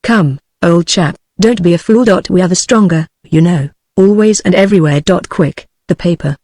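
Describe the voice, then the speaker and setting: A woman's voice: fairly low pitch, moderate pace, no room sound, studio quality, natural voice. A woman with a British accent, a synthetic voice, reading the lines of a ruthless, misshapen male clerk holding a gun. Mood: menacing. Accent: British English. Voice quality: even synthetic delivery.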